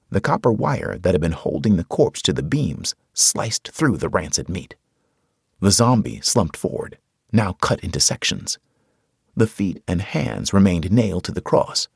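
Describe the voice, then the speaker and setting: A man's voice: sits low, gravelly, husky, no room sound, studio quality. A man narrating a horror audiobook in the first person, with dramatic storytelling.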